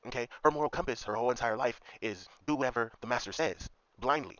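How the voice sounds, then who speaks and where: A man delivers a rambling, profane commentary rant, circling back over his points and checking in with the listener again and again. His voice sits at an ordinary pitch for a man. The recording sounds dull and lo-fi, and it is dry, with no room echo. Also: fast, a bit bright. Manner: profane, repetitive, keeps asking "okay?". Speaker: commentary vlogger. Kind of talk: ranting commentary monologue.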